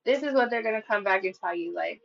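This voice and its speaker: A woman's voice: medium pitch, quick pace, gravelly, fairly bright tone, muffled recording. A woman giving a casual tarot reading, talking in a chatty, profane way with lots of "like". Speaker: tarot reader.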